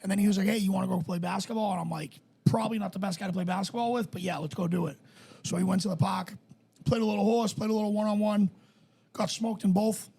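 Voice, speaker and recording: A man's voice: high-pitched, fast, gravelly, breathy edge. A middle-aged man co-hosting a podcast, telling a story in casual chat with plenty of swearing. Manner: animated storyteller, swears freely. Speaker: podcast co-host.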